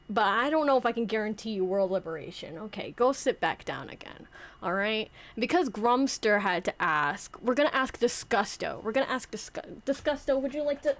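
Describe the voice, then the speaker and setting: A young woman streamer chatting casually in a playful, rambling way, often interrupting herself as she acts out skits with her toys. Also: medium pitch. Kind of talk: casual chat.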